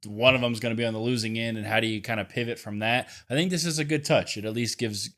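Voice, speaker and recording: A man co-hosts a casual podcast, speaking at a middling pitch for a man. He talks in a relaxed way and softens his opinions with fillers and hedges. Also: fast. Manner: easygoing, hedging with fillers. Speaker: podcast co-host.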